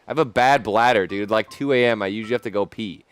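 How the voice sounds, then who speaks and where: A young man, a gaming streamer, chatting casually and excitedly over gameplay, full of slang. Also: fairly low pitch, fast, clean tone. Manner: animated, slangy, says "dude" a lot.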